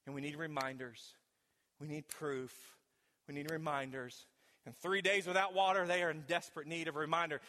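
Man, pastor, sermon, dramatic storytelling, fairly high voice, long hall echo. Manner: dramatic storytelling, swings from shouting to hushed.

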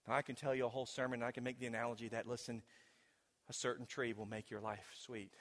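A man preaching a sermon in a church, telling a story dramatically and swinging between loud and hushed delivery. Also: medium pitch, steady tone, fast talker. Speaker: pastor. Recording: long hall reverb.

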